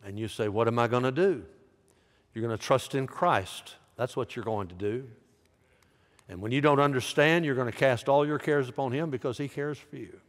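A middle-aged man preaching a sermon as pastor, swinging from loud, high exhortation to soft, low appeals. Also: normal speed. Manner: impassioned preaching, rising loud then dropping soft. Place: large church sanctuary. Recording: live sanctuary with long reverb.

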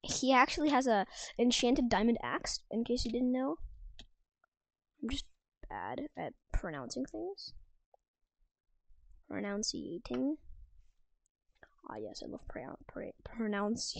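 A woman's voice: fairly high pitch, sing-song, measured pace, creaky, pauses often, no room sound. A woman giving casual, self-mocking gameplay commentary from a room at home, often dropping into whispered asides. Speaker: gaming video creator.

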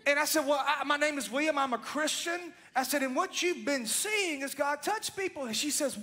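A man's voice: very high voice, expressive, moderate pace, bright, forceful tone. A man preaching a sermon, telling a story with passion.

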